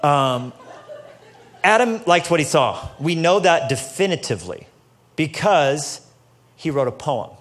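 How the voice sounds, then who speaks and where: Man, pastor, fairly high voice, casual jokey sermon, loud passionate peaks. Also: sing-song, measured pace, pauses often. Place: church stage before a live audience.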